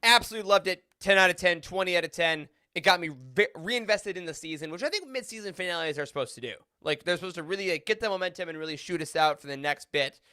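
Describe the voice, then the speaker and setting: A man hosts a laid-back podcast roundtable with real enthusiasm, laughing often and breaking into animated asides. His voice sits high and bright. The sound is dry, with no room echo. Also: fast, hardly any pauses, clear, resonant tone. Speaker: podcast host.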